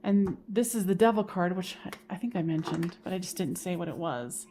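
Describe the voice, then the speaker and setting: A woman giving a general tarot reading in a casual, expressive way, swearing now and then and laughing at herself. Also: lowish voice, fairly quick, noisy background. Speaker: tarot reader.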